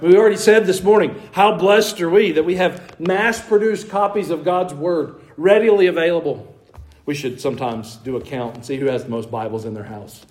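A man's voice: a little high, darkish tone, poor audio. A man preaching a conversational sermon in a church, asking his congregation questions and putting on mock voices with wry asides. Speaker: pastor. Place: church sanctuary.

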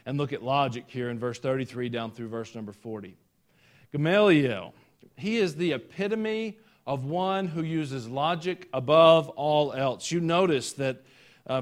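A middle-aged man with a Southern US accent, preaching a sermon as pastor, rising and falling in volume. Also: medium pitch. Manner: preacherly, rises and falls in volume.

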